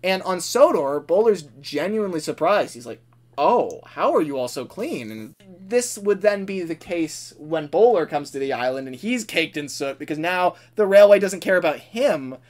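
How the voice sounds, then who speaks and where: A man co-hosting a podcast in casual chat, acting out characters in quick bits. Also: sits high, lively intonation. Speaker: podcast co-host.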